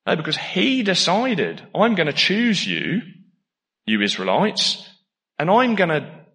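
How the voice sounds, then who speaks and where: A man preaching a sermon in a lively, conversational way, laughing often and jumping into sudden emphatic bursts. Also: sits high, slow. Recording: long hall reverb.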